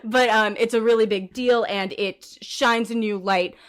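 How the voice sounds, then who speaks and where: A woman co-hosting a podcast in casual chat, animated and ranty, swearing and laughing often. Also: fairly high pitch, measured pace. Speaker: podcast co-host.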